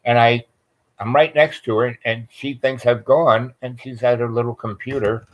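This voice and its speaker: Male vlogger, mid-pitched, loose storyteller who wanders and restarts his sentences, heavy on "you know" and "like". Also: steady tone, moderate pace, low-quality recording. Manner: meandering, many fillers and restarts. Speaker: vlog host. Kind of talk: rambling personal storytelling.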